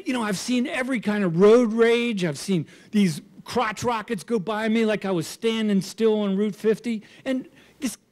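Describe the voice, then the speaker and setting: A man's voice: high-pitched, darkish tone. A man in his sixties telling a personal story on stage, self-mocking and often chuckling.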